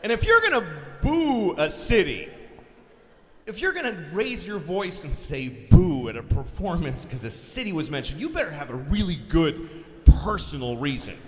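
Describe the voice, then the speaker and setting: Blunt animated male stand-up comic. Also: sits high, normal speed, in a large hall. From Boston. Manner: blunt, crude, exasperated rants. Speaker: stand-up comedian. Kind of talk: stand-up comedy set. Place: large concert hall stage. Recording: live theater recording with audience noise.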